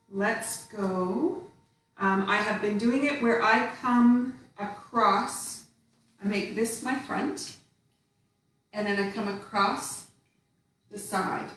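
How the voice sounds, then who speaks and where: Slow-talking woman leading a tai chi class. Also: mid-range voice, a little hiss or hum. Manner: calm, instructive, counting out steps. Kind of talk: guided movement lesson. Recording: echoey room from far off.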